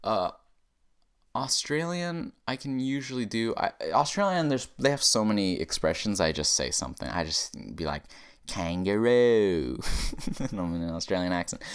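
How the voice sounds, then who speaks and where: A man hosting a comedy podcast goes on a rambling, profane rant, animated and often laughing at his own tangents. His voice is lowish with a clean tone.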